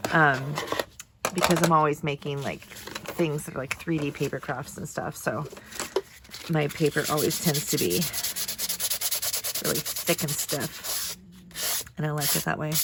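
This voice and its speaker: A woman in her forties with a low, gravelly voice that sounds nasal and stuffed up after a lingering cold. She chats casually while crafting, thinking aloud as she measures and folds paper. Loud background noise sits under her voice. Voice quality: nasal from congestion. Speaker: first grade teacher.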